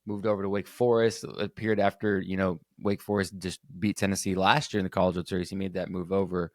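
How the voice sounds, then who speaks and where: A man's voice: lowish voice, no echo, clean studio sound. A young man hosting a casual solo sports podcast, rambling loosely with lots of fillers and restarts. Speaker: podcast host.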